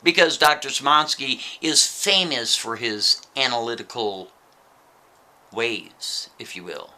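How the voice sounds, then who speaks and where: A man's voice: medium pitch, slow, sharp tone. A man telling a story in a casual, chatty way, often checking in with the listener with "right?" asides.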